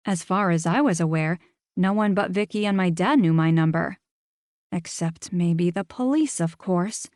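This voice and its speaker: Woman narrator, mid pitch, wry first-person reading, dry studio sound. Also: a little mellow, no room sound. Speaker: audiobook narrator.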